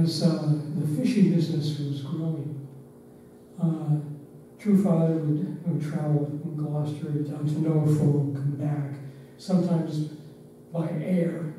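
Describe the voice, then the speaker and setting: An older man, once a driver and staff member, reminiscing in unhurried, reflective anecdotes with pauses. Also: a little high, dark tone. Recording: roomy, distant mic, faint background noise.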